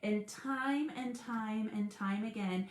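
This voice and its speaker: A woman hosting a live stream about school support teams, earnest and animated, laughing often as she talks. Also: medium pitch, slow pace, reverberant. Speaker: special education advocate hosting a live stream. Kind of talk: casual live-stream talk.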